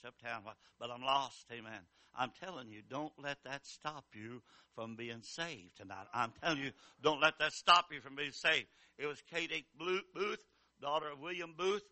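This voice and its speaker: Older male revival preacher, high voice, fervent repetitive cadence, low murmurs to shouts. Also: no room sound. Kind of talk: revival sermon.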